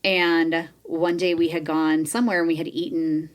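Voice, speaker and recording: A woman's voice: sits low, moderate pace. A woman co-hosting a podcast in casual chat, telling stories animatedly, swearing freely and acting out what people said. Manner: animated storyteller who swears and acts out quoted lines. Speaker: podcast co-host.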